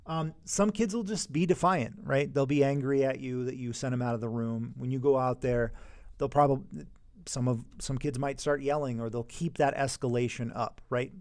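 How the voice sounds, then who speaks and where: A man teaching classroom management in a conversational way, sometimes acting out calm talks with students. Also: mid-range voice, dry recording. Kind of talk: instructional talk on classroom management.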